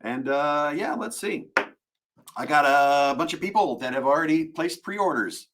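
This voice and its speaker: A man's voice: fairly high pitch, animated, a little slow, a bit bright. A man, a voice actor, chatting casually and jokily while signing autographs on a live stream. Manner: jokey, playful, self-mocking. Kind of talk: casual livestream chat.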